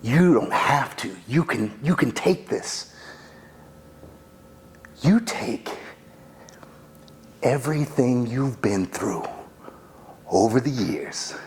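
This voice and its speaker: A man playing an older brother and boxing trainer, giving an urgent pep talk that swings between loud pushes and hoarse whispers. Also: medium pitch, animated, slow pace, long pauses, slight background noise. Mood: intense. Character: boxing trainer big brother, washed-up and fiercely pushing.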